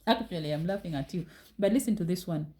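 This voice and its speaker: A woman gives a scolding motivational talk in a warm, mellow voice. She talks straight at her listeners, reproving them and pressing pointed rhetorical questions. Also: fairly low pitch, fast, low-quality recording.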